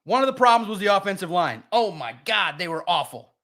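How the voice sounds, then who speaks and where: A man's voice: high voice, very animated, a little fast, pushed and bright. A man hosting a live sports podcast, ranting bluntly and emotionally about a team's loss while reading viewer comments.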